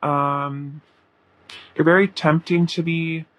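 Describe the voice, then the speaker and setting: A man reading tarot, speaking a channeled message in the first person in a halting, earnest way with many pauses and fillers. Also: fairly high pitch, flat delivery, a bit bright, low-quality recording. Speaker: tarot reader.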